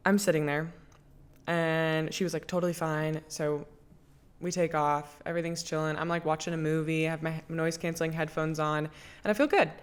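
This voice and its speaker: A young woman with a low-pitched voice tells a personal story on her own show. She talks casually and candidly, with plenty of swearing, and her voice drops close to a whisper at tense moments. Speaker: podcast host.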